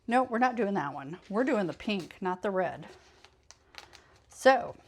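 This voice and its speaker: A woman's voice: mid-range voice, lively intonation, unhurried, slight background noise. A woman hosting a casual craft tutorial, chatty and meandering, often correcting herself mid-sentence and sounding a bit tired. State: tired, yawning late in the evening. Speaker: craft channel host.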